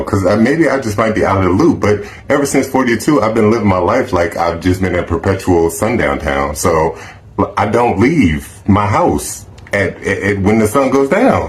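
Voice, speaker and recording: A man in his forties telling a casual storytime monologue, animated and incredulous, swearing and laughing often. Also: lowish voice, moderate pace. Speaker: storyteller vlogger.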